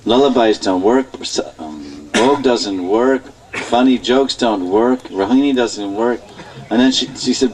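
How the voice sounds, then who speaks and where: A man preaching at a temple, telling a story in an animated way and laughing often. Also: medium pitch, measured pace, recorded from a distance, background noise. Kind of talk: storytelling lecture. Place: temple hall.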